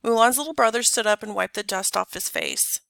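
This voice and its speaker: A woman reading a children's story aloud in an expressive, clear narrating voice. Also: a little high, brisk, no echo. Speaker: storybook reader. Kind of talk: scripted narration.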